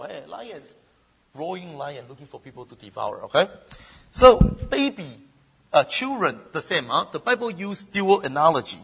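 A middle-aged man with preaching a sermon, swinging between loud emphasis and soft asides. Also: breathy edge. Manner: mimics whining child voices in falsetto. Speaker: pastor.

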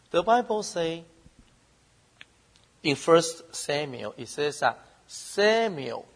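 A middle-aged man with preaching a sermon, swinging between loud emphasis and soft asides. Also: creaky, breathy edge. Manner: mimics whining child voices in falsetto. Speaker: pastor.

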